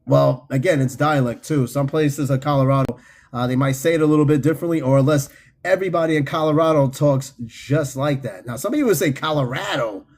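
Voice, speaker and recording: A man with a New York City accent hosts a casual livestream, reading viewer comments aloud in an animated, profane way and laughing often. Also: a little high, brisk. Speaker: host.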